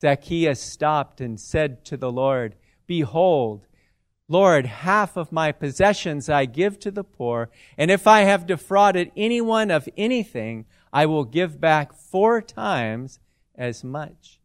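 Male scripture reader, formal measured delivery, unhurried, dry close sound. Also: on the high side, expressive, no room sound. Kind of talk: scripture reading.

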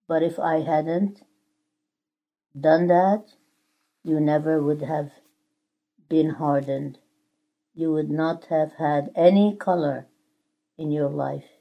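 Woman doing a calm patient potter guy, low mellow voice, takes his time. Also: vocal fry, exaggerated voice, rough recording. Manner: calm, reassuring. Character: patient male potter, calm and gentle master.

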